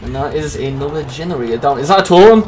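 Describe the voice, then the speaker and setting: A man giving casual, jokey commentary over a video game, swearing freely and reacting loudly. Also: on the high side, fast talker, slight background noise. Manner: excitable, swears a lot, jokey. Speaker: gaming YouTuber.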